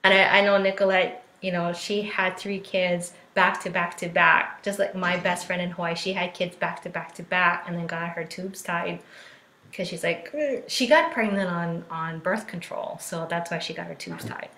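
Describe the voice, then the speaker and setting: A life coach in her thirties talks candidly on a live stream, chatty and full of fillers, acting out what other people said. Her voice is fairly low and sharp, with a steady tone at normal speed. She's on a phone or laptop mic, and the room has a roomy echo.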